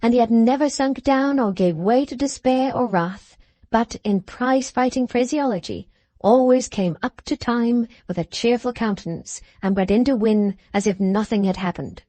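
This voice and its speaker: A woman reading a classic novel aloud as an audiobook narrator, in a measured, steady storytelling manner. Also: on the high side, no echo.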